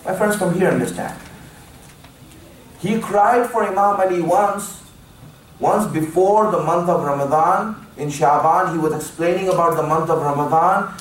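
A man's voice: high-pitched, moderate pace. A man preaching a sermon in an earnest way, repeating lines for emphasis and calling his listeners his friends. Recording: very echoey hall, mic at a distance.

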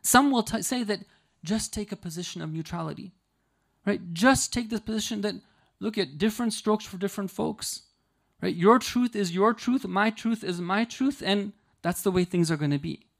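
A man's voice: high-pitched, gravelly. Male preacher, earnest teaching sermon, storyteller pacing, rhetorical check-ins. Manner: earnest, explanatory, with frequent rhetorical "right?" checks; storytelling, slowing down to stress key lines. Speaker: religious lecturer.

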